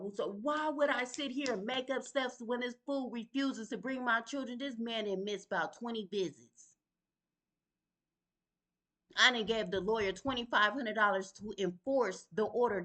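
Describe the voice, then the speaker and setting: Heated, confrontational woman venting. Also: medium pitch. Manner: heated, confrontational, speaks to absent people; Southern vernacular, sighs and breathes to calm down. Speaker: mother venting on a video. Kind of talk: emotional direct-to-camera vlog.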